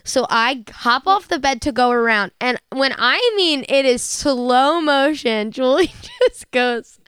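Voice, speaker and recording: A young woman with a high, smooth and resonant voice, co-hosting a podcast and spinning stories in a lively, casual way, swearing and laughing as she goes. The sound is dry and close, with no room to it. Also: a little slow, no echo. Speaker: podcast co-host. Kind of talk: casual chat.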